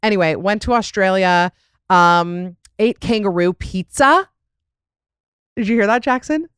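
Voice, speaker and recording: A woman's voice: medium pitch, measured pace, smooth, no echo. Chatty young woman host, dry close sound. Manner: chatty, rambling, lots of "like" and laughs. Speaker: podcast host. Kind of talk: casual chat.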